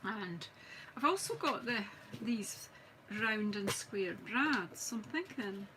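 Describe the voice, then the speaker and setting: A middle-aged Scottish woman demonstrates card making on a live stream, chatting casually with viewers as she works and poking fun at herself. Her medium-pitched voice is expressive and slow, with background noise.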